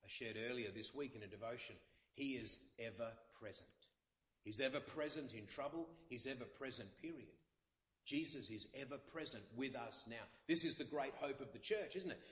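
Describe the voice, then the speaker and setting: A man's voice: mid-range voice, expressive, a little fast, a bit bright, roomy sound. A male pastor, possibly, delivering an earnest sermon with many repeated phrases. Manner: earnest, repetitive preaching with dramatic quotes.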